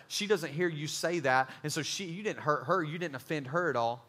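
A young man preaching a youth sermon, joking and acting out quick bits of dialogue. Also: a little high, sharp tone. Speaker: youth pastor.

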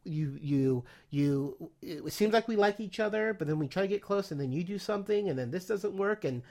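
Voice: mid-range voice, expressive, normal speed, a little mellow. A podcast co-host retelling TV scenes in a casual, rambling way with many fillers. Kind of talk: casual chat about a TV show.

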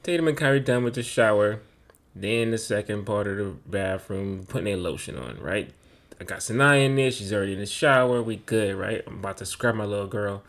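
A man co-hosting a casual podcast, telling family stories with animated, acted-out voices. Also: lowish voice, brisk. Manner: animated storyteller who acts out voices. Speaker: podcast co-host and father. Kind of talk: casual chat.

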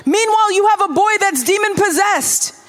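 A woman pastor preaching a sermon, acting out Bible dialogue in voices and breaking off with quick asides. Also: extremely high pitch, lively intonation. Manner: quick asides, self-interrupting.

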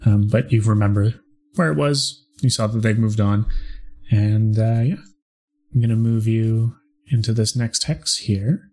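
A man running a tabletop role-playing game as game master, narrating in a fairly flat, relaxed way. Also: lowish voice, a little slow. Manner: relaxed, self-described monotone narration.

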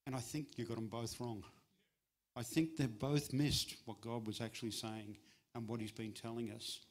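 Man, middle-aged, church sermon, guest speaker, chatty and joking, sudden high pitch for emphasis. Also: slightly rough. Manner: conversational and humorous, with lively jumps in pitch for emphasis.

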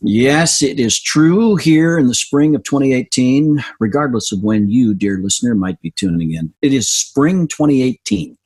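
A man's voice: mid-range voice, lively intonation, moderate pace, few pauses, darkish tone, slightly rough. A man hosting a podcast in casual chat, joking and bantering playfully. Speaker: podcast host. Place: Middle Tennessee.

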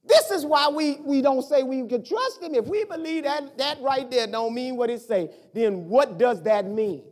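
A middle-aged pastor preaching a sermon in a conversational, animated way, firing off rhetorical questions at the congregation. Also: high voice, normal speed.

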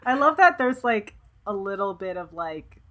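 A woman's voice: mid-range voice, very animated, normal speed, a bit bright. A woman chatting casually, blunt and playful, swearing freely. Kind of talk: casual chat.

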